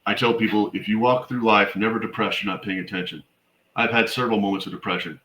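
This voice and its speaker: A man's voice: lowish voice, steady tone, quick pace, a bit bright, reverberant, low-quality recording. A middle-aged man, a military veteran and suicide prevention educator, telling stories in a blunt, emphatic way as an interview guest. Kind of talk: conversational podcast interview.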